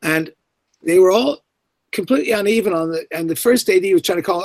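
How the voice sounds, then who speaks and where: Animated man telling a story. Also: quick pace, no room sound. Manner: animated, acts out quoted voices with big pitch jumps. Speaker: actor, interview guest. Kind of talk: anecdotal storytelling.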